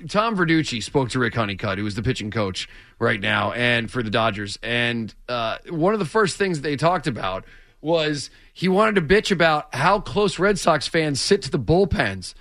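A man's voice: mid-range voice, animated, moderate pace, fairly bright tone, dry recording, clean studio sound. A man co-hosting sports radio, wry and storytelling, working himself up as he goes. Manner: wry, storytelling, gets worked up. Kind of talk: casual morning sports talk. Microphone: studio mic.

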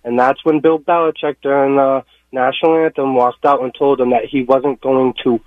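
A man's voice: mid-range voice, level tone, moderate pace, no echo. A man calling in to a sports radio show, telling a secondhand story a little hesitantly. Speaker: caller. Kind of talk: call-in radio. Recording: tinny phone line.

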